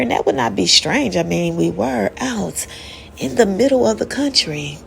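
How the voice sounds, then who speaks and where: A woman's voice: fairly high pitch, lively intonation, moderate pace, gravelly, soft background music. A woman telling a personal spiritual story in a casual, candid and profane way.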